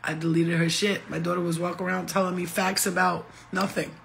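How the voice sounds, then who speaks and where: Gravelly, laughing, slangy woman. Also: fairly low pitch, brisk, slight background noise. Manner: laughing, slangy, animated rambling. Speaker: vlogger. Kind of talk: casual storytelling monologue.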